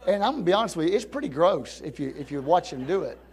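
A middle-aged pastor preaching a sermon, swinging from soft, low passages to loud, fervent peaks. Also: male voice, very animated, fast. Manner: rising to near-shouting peaks of preaching fervor, then dropping low and soft.

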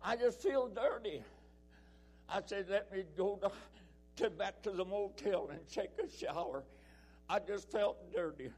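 Male preacher, high voice, emphatic delivery that swings loud and soft. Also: normal speed. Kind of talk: sermon.

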